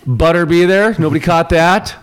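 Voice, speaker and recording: A male talk radio host chatting in a loose, rambling way. His voice sits a little high for a man, and he keeps slipping puns into the conversation. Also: moderate pace, smooth. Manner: joking, punning, rambling with fillers. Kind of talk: casual talk radio banter.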